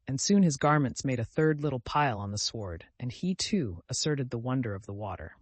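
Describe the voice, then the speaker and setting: Man narrating an audiobook, animated. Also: medium pitch, fairly quick, no echo. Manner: expressive storytelling reading. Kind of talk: scripted narration.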